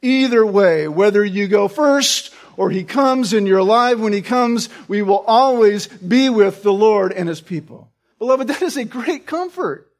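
A man's voice: sits high, lively intonation, a little slow. A man preaching a sermon as pastor, explaining earnestly and often asking listeners "right?" to check in.

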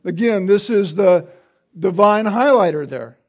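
High-voiced man preaching. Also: lively intonation, unhurried. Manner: explanatory, with frequent tag questions. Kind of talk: expository sermon.

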